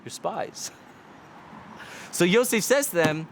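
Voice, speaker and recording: A man giving a lively Torah lecture, firing rhetorical questions and repeating key lines for emphasis. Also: sits high, takes it slowly, slight background noise. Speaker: Torah teacher.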